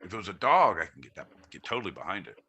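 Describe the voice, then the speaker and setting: A man hosts a live-streamed podcast in loose, rowdy banter, joking and swearing as he rambles between topics. His voice sits a little low but rings bright and forceful. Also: very animated, rapid-fire, husky, dull audio. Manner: loud, rambling, profane joking. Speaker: podcast host.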